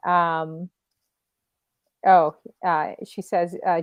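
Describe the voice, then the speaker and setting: A woman with a Canadian accent hosting a casual livestreamed interview, chatty and quick to laugh. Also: lowish voice, flat delivery, vocal fry, dry recording. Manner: chatty, laughs easily, reads chat aloud. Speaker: talk show host.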